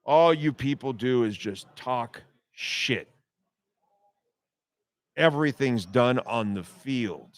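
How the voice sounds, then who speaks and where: A man's voice: medium pitch, animated, slow pace, pauses often, dry recording. Male sports talk host, blunt and sarcastic, dry close-miked sound, clean resonant tone. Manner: blunt, sarcastic, profane ranting.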